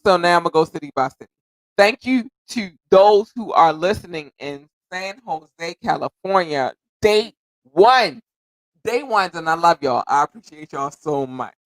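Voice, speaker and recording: A man's voice: a little high, lively intonation, a little slow, no room sound, rough recording. Effusive man hosting a podcast. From United States. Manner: effusive and grateful, repeating thanks and shout-outs; rambling, self-correcting, occasionally tongue-tied. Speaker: podcast host. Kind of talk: casual solo podcast chat.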